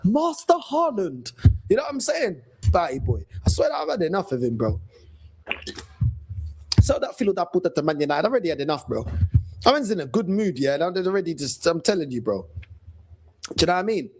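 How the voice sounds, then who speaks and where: A man with a London accent rants as a fan channel host, slangy and mocking. His voice sits high, and his pitch leaps around with animated energy. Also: breathy edge. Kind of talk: casual rant.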